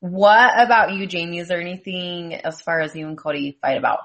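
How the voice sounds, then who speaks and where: A woman's voice: fairly low pitch, a little fast, fairly bright tone. A woman hosting a casual chat, asking curious follow-up questions.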